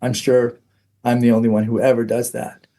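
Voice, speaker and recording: A man's voice: medium pitch, flat delivery, normal speed, dark tone. A middle-aged man, a podcast guest, telling a personal story candidly, frank and self-mocking, with plenty of "um"s.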